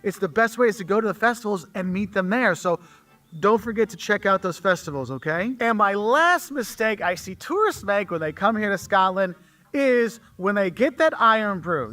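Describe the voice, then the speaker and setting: A man's voice: high voice, expressive, normal speed, sharp tone. A man giving casual travel advice straight to the camera, chatty and checking in with the viewer. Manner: chatty, repeats 'okay?' to the viewer. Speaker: travel video creator.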